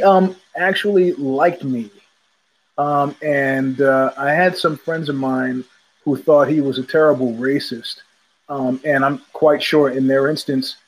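A New Yorker hosting a podcast talks in a rambling, casual monologue full of digressions and restarts. His medium-pitched voice has a breathy edge, and the recording is low in quality.

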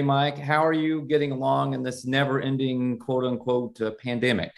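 A male podcast host with a mid-range voice, leaning hard on key words as he introduces his guest. His delivery is emphatic and lively, and it turns conversational once the interview starts. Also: medium pitch, moderate pace, creaky. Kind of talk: scripted intro then casual interview.

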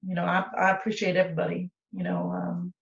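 A woman's voice: fairly low pitch, monotone, fast, gravelly. A woman co-hosting a podcast in rowdy, profane casual chat, laughing often. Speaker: podcast co-host. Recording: echoey, distant, dull mic.

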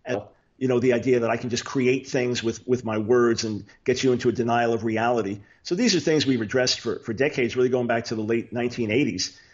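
A man's voice: mid-range voice, a little fast, muffled recording. A man as an interview guest, an author explaining theology earnestly with frequent restarts. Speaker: guest, Bible teacher and author.

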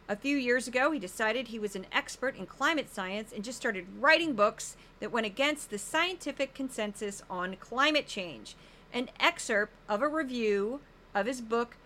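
Bright, sarcastic woman podcast host. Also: fairly high pitch. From St. Louis, US Midwest. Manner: animated, sarcastic, jokey. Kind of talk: casual political commentary.

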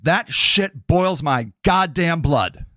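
A man hosting a podcast, delivering a heated, profane rant and shouting often between the clips he plays. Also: a little high, expressive, slow pace, no echo, clean studio sound. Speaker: podcast host.

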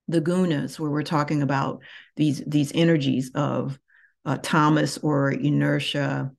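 A woman who teaches yoga, talking through her thoughts slowly and reflectively, with many pauses. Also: deep voice, gravelly, a little mellow. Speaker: yoga teacher and podcast host. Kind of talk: reflective solo podcast talk.

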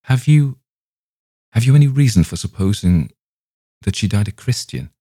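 A man's voice: sits low, normal speed, mellow, dry recording, studio quality, natural voice. A man voicing an agitated young man who pleads urgently and emotionally.

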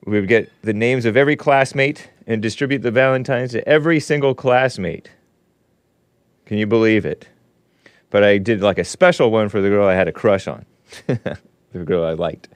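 Speaking at a normal speed in a lowish voice with no echo, a middle-aged man runs his own livestream show from a Los Angeles home studio. He talks casually, wandering off into jokey asides.

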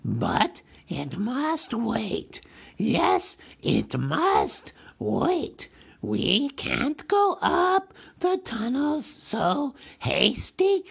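A man reading a storybook aloud, voicing a slimy, sly male cave creature who hisses and drags out his words in a high, whiny sing-song. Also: huge pitch swings, gravelly, breathy edge, full character voice. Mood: wheedling. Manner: drawn-out, sing-song, talks of himself as precious.

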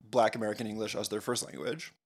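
A man's voice: on the low side, steady tone, fast, vocal fry. Man co-hosting a chatty podcast. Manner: thoughtful, explanatory, hedging with fillers. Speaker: podcast co-host. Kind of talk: casual podcast discussion.

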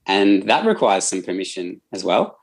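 A man's voice: sits low, very animated, moderate pace, slightly rough. An Australian man, a counsellor, explaining his work in a thoughtful, earnest way as a podcast guest. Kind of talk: casual conversational interview.

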